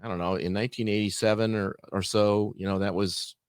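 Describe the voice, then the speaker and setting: A man's voice: lowish voice, brisk, clean tone, no echo, studio quality. A middle-aged man on a podcast, telling a work story in casual chat and acting out both sides of the dialogue. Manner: animated storyteller, acts out dialogue. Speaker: podcast guest.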